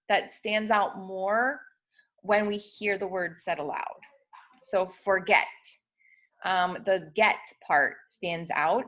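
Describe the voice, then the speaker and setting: A woman's voice: medium pitch, a bit bright. A young woman teaching spelling rules in a patient, methodical way, with frequent ums and small self-corrections. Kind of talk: instructional explanation of spelling rules.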